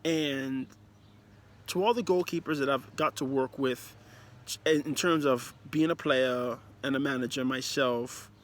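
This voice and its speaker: A man's voice: medium pitch, unhurried. A man giving a casual, emphatic and rambling review of a football match, talking as a player and manager. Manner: animated, emphatic, rambling with restarts. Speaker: football commentator.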